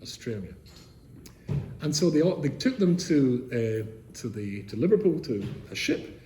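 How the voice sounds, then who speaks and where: An older man from England, a rabbi telling stories to seminary students, animated, with rhetorical questions, swinging from loud to soft. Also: medium pitch, measured pace. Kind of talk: storytelling talk to students. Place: seminary room, indoors. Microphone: camera he set up himself. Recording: echoey room with faint noise.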